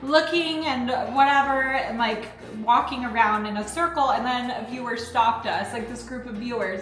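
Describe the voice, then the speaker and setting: A woman's voice: on the high side, normal speed, few pauses. A woman in her thirties, a mother and channel host, chatting casually while eating and telling stories with lots of "like"s and restarts. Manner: chatty, many likes and restarts, animated storytelling. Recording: echoey room with music behind.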